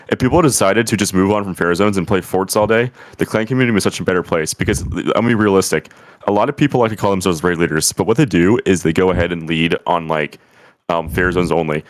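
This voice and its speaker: A man's voice: sits low, quick pace, no room sound. A young man giving an opinionated, lecturing talk about leading a gaming clan over voice chat, often repeating words.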